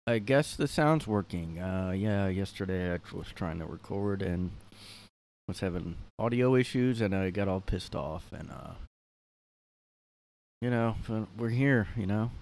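Rambling low-voiced man, solo podcast. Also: lively intonation, unhurried, a little mellow. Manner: rambling, filler-heavy, sardonic. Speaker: podcast host. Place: his room.

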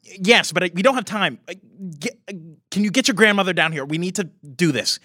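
A man's voice: high voice, expressive, fairly quick, bright, forceful tone, no echo, clean studio sound, pitched above the performer's own voice, heavily acted. A man doing a weary, urgent Tin Man. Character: weary, grieving male mechanical man.

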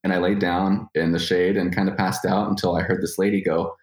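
Man in his thirties, deep voice, profane candid storytelling, halting restarts, echoey room. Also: flat delivery. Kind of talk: personal storytelling. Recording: roomy echo.

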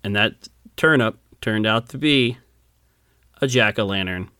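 A man with a low-pitched voice tells a story on a podcast in a loose, chatty way. He laughs a lot and acts out the characters' lines. The sound is dry and close. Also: unhurried, pushed and bright, smooth, dry recording. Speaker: podcast co-host. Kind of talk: casual storytelling chat.

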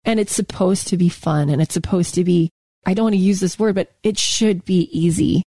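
A woman's voice: lowish voice, fairly quick, mellow, dry recording. A woman co-hosting a podcast in casual chat, emphatic and fond of repeating her key words. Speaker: podcast co-host.

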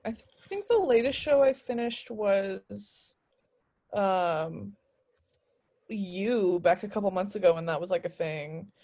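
A woman's voice: medium pitch, lively intonation, slow, dark tone. Woman, podcast guest, casual chat, playful, laughs often.

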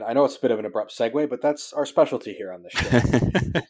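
A man hosting a casual podcast chat about tabletop games, talking in an animated, emphatic way and swearing now and then. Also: mid-range voice, fast, slightly rough, no room sound, clean studio sound. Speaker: podcast host.

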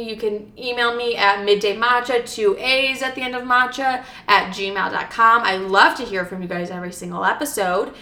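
A woman's voice: a little high, sharp tone, reverberant. Chatty, profane young woman podcaster. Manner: chatty, blunt and profane, rambling asides. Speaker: podcast host. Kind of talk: casual solo podcast chat.

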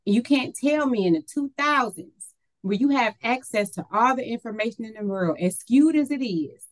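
A woman's voice: a little high, animated, moderate pace, no echo, low-quality recording. A woman in her forties co-hosting a casual discussion show, blunt and emphatic, her voice rising when she stresses a point. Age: 40s. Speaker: podcast co-host.

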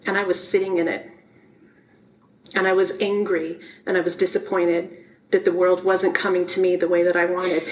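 A woman's voice: lowish voice, level tone, moderate pace, rough recording. A middle-aged woman minister giving a personal, heartfelt, conversational sermon in a church sanctuary. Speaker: minister giving her first talk.

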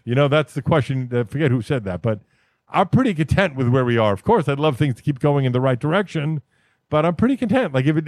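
A man's voice: fairly high pitch, no echo. A man talking casually as a podcast host, laid-back and swearing freely while telling stories. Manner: laid-back, swears often, name-drops.

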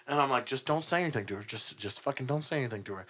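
A man's voice: mid-range voice, racing, few pauses. A young man on a podcast telling a rowdy story with lots of swearing, acting out what people said. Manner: profane animated storytelling, acts out quotes. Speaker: band member and podcast host. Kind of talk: casual podcast chat.

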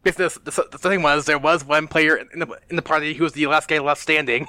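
A man co-hosting a podcast, telling stories in animated, quick casual chat. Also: fairly high pitch. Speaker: podcast co-host.

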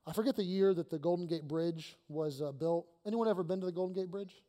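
A pastor preaching an emphatic, energetic sermon to his congregation, repeating phrases for emphasis. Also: sits high, fast. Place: church sanctuary. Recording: long reverb of a church hall.

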